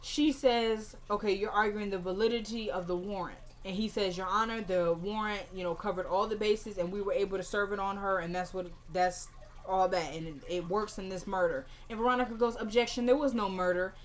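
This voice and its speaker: A woman casually recapping a TV drama episode, quoting each character quickly and animatedly. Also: mid-range voice, fairly even intonation, a little hiss or hum.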